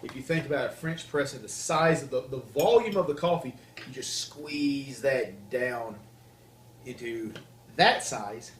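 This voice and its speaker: This medium-pitched man speaks at a measured pace, his Southern accent marking him as being from the Deep South. Hosting his coffee review show, he casually explains every step of making coffee, with a roomy sound and slight background noise.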